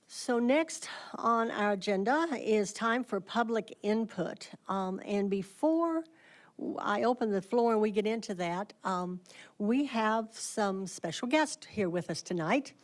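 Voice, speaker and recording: A woman chairing a city board meeting, giving polite, measured instructions with occasional fillers. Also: medium pitch, animated. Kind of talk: formal meeting procedure. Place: city council chamber.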